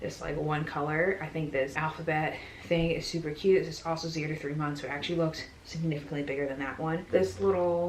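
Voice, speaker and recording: A young pregnant woman chatting casually and gushing as she shows off baby clothes, a little out of breath. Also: sits low. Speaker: vlogger. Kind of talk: casual haul chat. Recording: echoey room with faint noise.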